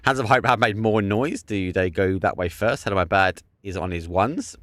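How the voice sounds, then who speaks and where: Male esports caster, deep-ish voice, rapid live calls that spike into shouts, faint gunfire underneath. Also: slight background noise. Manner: excitable, bursts into shouts and laughter at big plays. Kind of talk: live play-by-play commentary.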